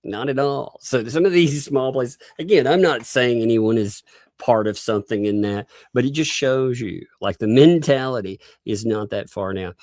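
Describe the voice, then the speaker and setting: A man with a Southern US accent hosting a casual livestream, talking in a slow, self-assured drawl and laughing often. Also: medium pitch, darkish tone, no room sound, studio quality. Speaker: livestream host.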